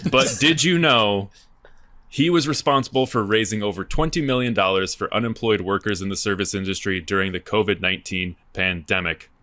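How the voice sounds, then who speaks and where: A man's voice: fairly low pitch, a little fast, pushed and bright, dry recording. A man co-hosting a comedy podcast, reading a top-five list with mock enthusiasm and laughing. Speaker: podcast co-host.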